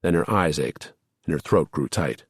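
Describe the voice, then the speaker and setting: Deep, husky male audiobook narrator. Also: lively intonation, moderate pace, dry recording, clean studio sound. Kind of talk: scripted narration.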